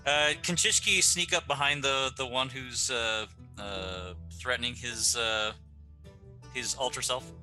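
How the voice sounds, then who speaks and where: A man's voice: medium pitch, measured pace, pushed and bright, faint music behind. A man playing a tabletop game, asking about the rules hesitantly with many fillers. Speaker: player. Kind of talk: casual tabletop play.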